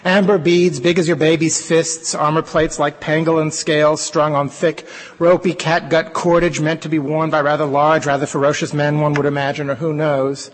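A man reading aloud as an eccentric middle-aged housewife who rambles from one odd detail to the next in a wordy, digressive monologue, pitched a little high. The voice trails off into long reverb in a large lecture hall before an audience. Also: flat delivery, normal speed, hardly any pauses, close to an everyday voice. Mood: musing. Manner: wordy, digressive storytelling in plain accentless voice.

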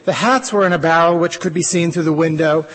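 A man reading aloud as an eccentric middle-aged housewife who rambles from one odd detail to the next in a wordy, digressive monologue, pitched a little high. The voice trails off into long reverb in a large lecture hall before an audience. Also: fairly quick, close to an everyday voice. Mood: musing. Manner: wordy, digressive storytelling in plain accentless voice.

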